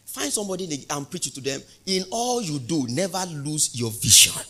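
A male pastor preaching a sermon, asking the congregation questions and building to loud, emphatic peaks. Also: on the high side, very animated, normal speed.

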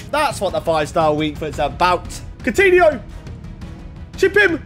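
A young man giving excitable commentary on his own football video game match, shouting at big plays. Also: very high-pitched, normal speed, faint music behind. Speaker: gaming YouTuber. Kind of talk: gameplay commentary.

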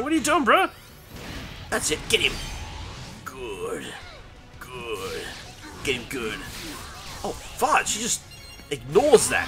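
A young gaming host commentates his match in a high, bright voice that swoops up and down with every hit. He yelps, laughs and talks straight to the characters on screen. Faint game music plays behind him. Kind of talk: live gameplay commentary.

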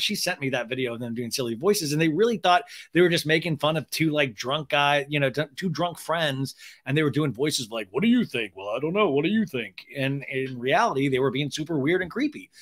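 A man hosting a podcast, recapping a reality show in animated, gossipy commentary. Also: a little high. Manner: animated and gossipy, with frequent restarts. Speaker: podcast host.

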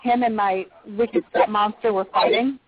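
A woman caller telling a personal ghost story in a fast, breathless rush. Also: mid-range voice, fairly even intonation. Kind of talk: storytelling on a call-in show. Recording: tinny phone line.

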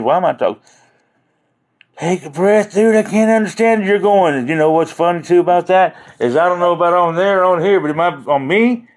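Man, a little high-pitched, livestream host, rambling casual chat, joking, chuckles often. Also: rough recording.

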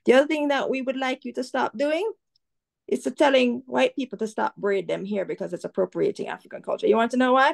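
A woman's voice: a little high, vocal fry, darkish tone. A Jamaican woman talking bluntly and animatedly as an interview guest, swearing freely. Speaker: guest commentator. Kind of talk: outspoken interview talk.

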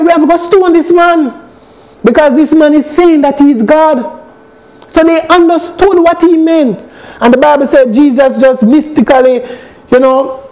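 High-voiced, slow Jamaican church elder. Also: male voice, a little mellow, poor audio. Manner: earnest, checks in with listeners, reads scripture aloud. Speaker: church elder leading Bible study. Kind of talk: Bible study teaching.

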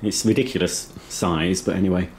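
A low-voiced man rambles through a casual home tour, chatting while he snacks. He talks into a handheld camera indoors, and a faint hiss sits under the voice. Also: steady tone, moderate pace. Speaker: vlogger. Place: inside a house.

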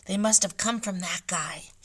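A woman's voice: medium pitch, normal speed, husky, lightly acted. A woman reading a curious, modest boy. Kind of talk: read-aloud storybook role.

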